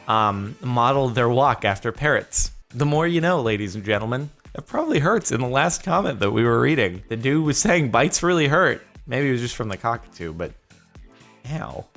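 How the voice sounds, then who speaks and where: A man hosting a casual video reaction, chatty and quick to laugh. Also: mid-range voice, a bit bright. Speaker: YouTube host.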